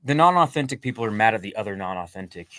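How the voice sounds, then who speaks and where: A lower-voiced man talks as a podcast guest, wandering through his thoughts with frequent ums and wry jokes at his own expense. The sound is close and dry. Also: animated, fast, fairly bright tone, dry recording. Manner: rambling, self-deprecating, many ums and restarts. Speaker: guest songwriter and singer. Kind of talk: casual interview chat.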